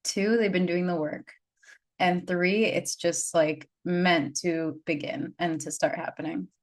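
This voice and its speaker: A woman in her thirties, a spiritual guide, telling her story in an unscripted, chatty way with lots of "like," and leading slow breathing cues. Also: fairly low pitch, steady tone. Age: 30s. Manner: chatty, filler-heavy, frequent "like". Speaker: spiritual guide and energy healer.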